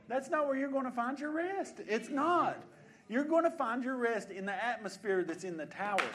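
A man's voice: very high voice, moderate pace. A male preacher giving a sermon in a church, repeating phrases and asking rhetorical questions. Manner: repetitive, soft then building, rhetorical questions.

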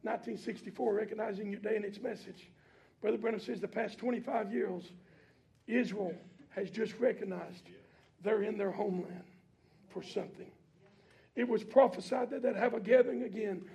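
A preacher man with a very high voice and a gravelly edge, talking in a loose, everyday way. He reads scripture low, then climbs into shouted preaching as the congregation answers back in church. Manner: colloquial preaching with call-and-response. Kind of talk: sermon.

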